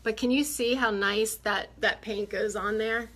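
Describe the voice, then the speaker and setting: A woman's voice: on the high side, fairly even intonation, a little slow, a bit bright. Chatty, breathless woman painting furniture. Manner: chatty, enthusiastic, addresses viewers directly. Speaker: furniture refinisher. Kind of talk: casual how-to painting demonstration. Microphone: phone camera.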